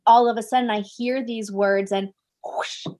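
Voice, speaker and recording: A woman coach talks in an animated way about her own experience during an interview. English is not her first language, and her voice sits a little high. She leans on fillers like "like" and "right?". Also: moderate pace. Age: 20s at the time recalled; now older. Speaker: life coach, guest. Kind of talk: storytelling interview talk.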